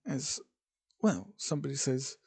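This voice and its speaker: A man's voice: medium pitch, sing-song, measured pace, gravelly, a little mellow, husky. A man narrating an improvised fan story, rambling with frequent fillers and restarts. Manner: rambling, full of "sort of" and "well".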